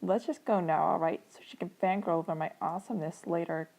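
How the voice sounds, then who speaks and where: A boastful young man, cocky and impatient, speaks with a low, gravelly voice, as a woman reads him aloud. It is a storybook reading with a dark, mellow tone. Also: fast.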